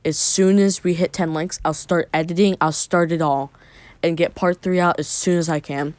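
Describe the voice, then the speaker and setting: A man's voice: fairly high pitch, fairly even intonation, moderate pace, darkish tone, clean tone, dry recording. A man casually narrating a made-up fan story, rambling with many filler words.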